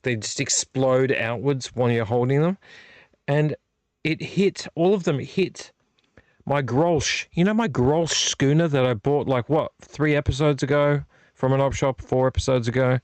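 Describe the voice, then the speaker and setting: A man's voice: medium pitch, darkish tone, no echo. A frustrated, weary man, hosting a casual late-night vlog and rambling in a self-deprecating way with frequent restarts. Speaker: vlog host. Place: home movie collection room.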